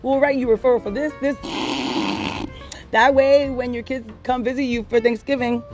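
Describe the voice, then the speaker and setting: A woman with a fairly high voice tells stories in a casual, animated way and breaks into the voices of the people she describes. Faint music plays behind her. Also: moderate pace. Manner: animated, acts out quoted patients, laughs often. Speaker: podcast host telling work stories. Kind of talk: casual storytelling chat.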